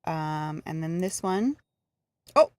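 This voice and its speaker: A woman's voice: sits low, animated, slow pace, dry recording, studio quality. A woman streaming a video game live, talking it through in a casual, easygoing way with frequent hesitations.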